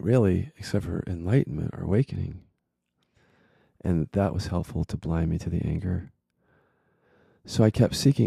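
A man's voice: fairly low pitch, gravelly, mellow, slightly rough, no room sound, studio quality. A man, a spiritual teacher, telling his own story in a candid, reflective monologue with frank swearing.

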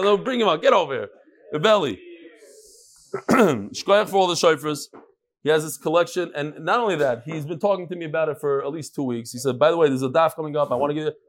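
A man teaching a Talmud class live, lively and joking, with Hebrew and Yiddish terms all through his talk. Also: on the high side. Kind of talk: daf lesson to a live class.

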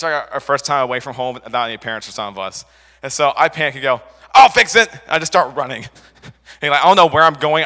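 A man's voice: mid-range voice, pushed and bright, big-room sound. A young man preaching a casual sermon, rambling through a personal story with fillers and restarts. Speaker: youth preacher.

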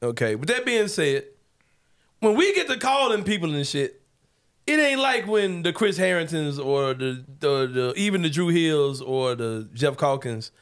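A Memphis-accented man hosts a casual podcast, ranting and joking with his guests. His voice sits a bit high for a man and swings up and down a great deal as he talks. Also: a little slow, smooth. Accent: Memphis, Southern US. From Memphis, Tennessee. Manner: animated, joking, rant-like. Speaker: podcast host. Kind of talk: casual chat.

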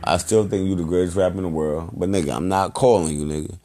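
A man hosting a podcast, giving loose, rambling shout-outs in heavy slang and profanity. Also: low-pitched, steady tone, fast talker. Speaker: podcast host.

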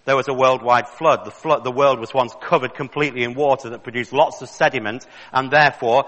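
Male preacher, fervent and insistent, bright raised voice, long hall reverb. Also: mid-range voice, fairly even intonation, a little fast. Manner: fervent, rising to emphatic questions. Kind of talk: sermon.

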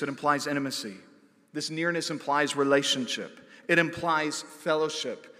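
A male pastor delivers a sermon with an emphatic, building cadence, swelling into loud declarations before sinking back low. His voice sits fairly high for a man. The sound carries a long reverb tail from a large church hall.

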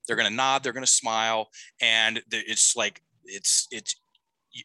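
Man in his forties, very bright voice, dry close sound, rambling coaching story. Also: lowish voice, steady tone, measured pace, no room sound, low-quality recording. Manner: rambling, self-correcting, frequent "okay?" check-ins. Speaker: life coach guest. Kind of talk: podcast interview storytelling.

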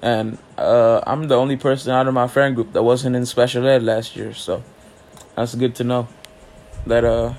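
Brief: late-teens male podcaster, loose joking monologue full of slang, mid-range pitch. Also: little pitch movement, normal speed, darkish tone. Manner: rambling, joking, heavy slang and cussing. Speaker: podcast host. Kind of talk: casual solo podcast monologue.

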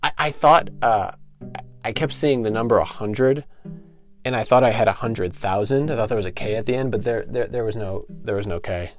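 A man's voice: lowish voice, normal speed, soft background music. A man hosting a comedic podcast, rambling and stammering through his words, repeating himself as he goes. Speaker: podcast host.

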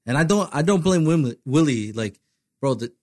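A man's voice: a little high, expressive, normal speed, a little mellow, no echo, clean studio sound. A man in casual chat, retelling a gig story and switching between English and Spanish, with plenty of swearing. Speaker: band member.

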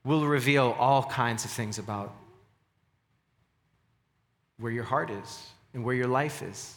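A man's voice: medium pitch, takes it slowly, fairly bright tone, in a large hall. A man preaching a sermon as pastor, earnest and emphatic, often repeating words for stress.

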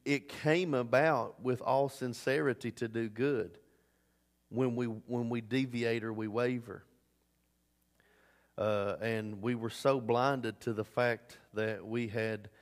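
A man preaching a sermon as pastor, swinging between loud emphatic bursts and low asides. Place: church sanctuary. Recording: long hall reverb.

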